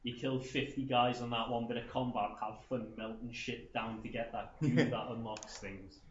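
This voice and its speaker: A man's voice: medium pitch, level tone, normal speed. Dry sarcastic guy on a gaming podcast, swears a bit, roomy muffled mic with light hiss. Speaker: podcast co-host. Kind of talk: casual gaming chat. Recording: echoey room, dull lo-fi sound, faint hiss.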